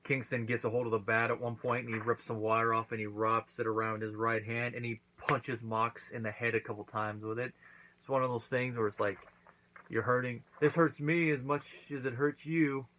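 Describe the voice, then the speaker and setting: A man hosting his own channel gives a chatty recap and review of a wrestling event, performing the quotes as he goes. His lowish voice is bright and forceful with a flat delivery and brisk pace, and the rough recording has a little hiss or hum.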